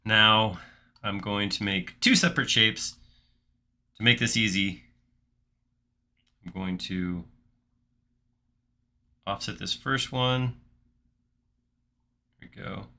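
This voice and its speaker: Low-voiced, bright, chatty male tutorial host. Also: slow, long pauses. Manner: chatty, thinks aloud with restarts while clicking. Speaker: livestream host modeling in software. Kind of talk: casual live tutorial chat.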